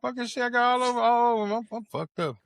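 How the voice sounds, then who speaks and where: A man's voice: very high voice, quick pace, gravelly, a bit bright, no room sound. An older man co-hosting a casual chat, telling jokey stories with a lot of swearing. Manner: profane, joking storyteller. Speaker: podcast co-host. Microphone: video call.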